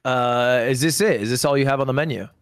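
A man's voice: mid-range voice, fast, no room sound, clean studio sound. A man joking casually with friends during a game. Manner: joking, playful. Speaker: player. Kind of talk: casual gaming chat.

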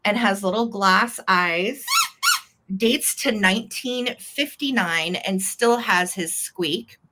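A woman's voice: mid-range voice, slow pace, very noisy. A woman hosting a live vintage sale, chatty and gushing as she describes each item. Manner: chatty and gushing, fond little words. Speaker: host selling vintage items live.

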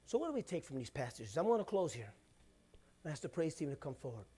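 A middle-aged man, the pastor, preaching a sermon in a conversational way, swinging between loud bursts and hushed asides. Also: on the high side, very animated, fast, breathy edge.

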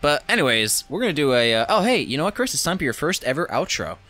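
A man hosts a casual gameplay session, rambling and swearing as he goes. His voice is bright and jumps all over in pitch. Faint music plays underneath. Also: fast. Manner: excitable, profane, rambling. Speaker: gaming channel host.

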